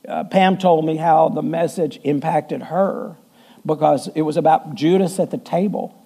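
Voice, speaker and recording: A man's voice: fairly high pitch, normal speed, creaky, dark tone. A middle-aged man, a pastor preaching a conversational sermon with folksy humor. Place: church.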